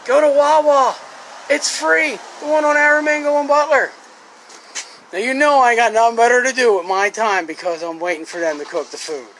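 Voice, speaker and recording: With an extremely high pitch and fairly even intonation, a scrap-metal worker in his forties talks at a normal pace in a fairly bright tone. He's a Philadelphia-accented vlogger rambling, joking and ribbing himself to his phone camera from his truck. The audio is poor, with slight background noise.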